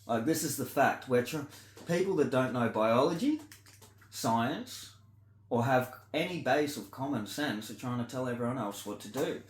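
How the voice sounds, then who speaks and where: An indignant Australian man rants to camera, sweary and blunt. His pitch swings widely from high exclamations to low grumbles. The room around him rings with echo. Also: lively intonation, normal speed. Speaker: vlogger. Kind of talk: ranting monologue to camera.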